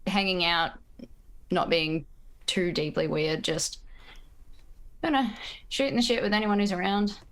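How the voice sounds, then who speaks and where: A woman's voice: on the low side, a little slow, long pauses, fairly bright tone. A woman playing in a tabletop game, chatting in a laid-back way. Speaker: player. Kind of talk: casual chat at a tabletop game.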